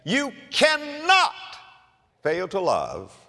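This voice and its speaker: Animated preacher in a reverberant hall. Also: male voice, sits high, drawn-out words, vocal fry. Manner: storytelling, swinging from quiet asides to loud exclamations. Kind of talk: sermon. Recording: long reverb of a large hall.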